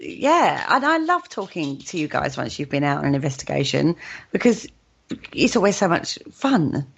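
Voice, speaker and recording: A woman's voice: low voice, sing-song, normal speed, gravelly, slightly rough. A British woman hosting a radio show, chatting cheerfully, giggling and poking fun at herself. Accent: British English. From United Kingdom. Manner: cheerful, giggly, self-deprecating. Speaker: host. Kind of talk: casual radio chat. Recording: slightly muffled sound.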